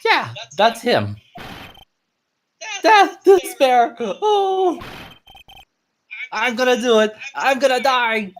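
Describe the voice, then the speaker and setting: A woman's voice: fairly high pitch, wildly swooping pitch, slow pace, a little hiss or hum, pitched above the performer's own voice, full character voice. A woman voicing a frantic, despairing young man who wails and sobs melodramatically over his fate. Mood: wailing. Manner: wailing, sobbing, melodramatic.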